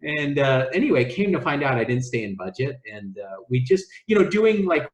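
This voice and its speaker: A man's voice: medium pitch, very animated, moderate pace. A middle-aged man, a travel agency owner and podcast guest, telling stories in a casual interview, rambling with many restarts and fillers. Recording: echoey room.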